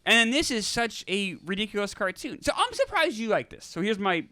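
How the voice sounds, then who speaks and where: A man in his forties co-hosts a movie podcast and gives blunt, opinionated takes. His voice is bright and rather high, with a lot of rise and fall. The sound is dry, like a close studio mic. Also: very animated, a little fast, dry recording. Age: 40s. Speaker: podcast co-host. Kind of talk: casual film review chat.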